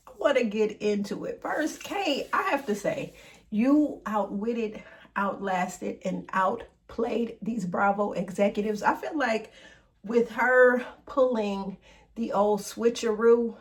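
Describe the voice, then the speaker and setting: A woman's voice: a little high, slow pace, far from the mic. Sassy woman dishing celebrity gossip, mic set back. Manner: sassy and emphatic, swears freely. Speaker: gossip show host. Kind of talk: animated celebrity gossip commentary.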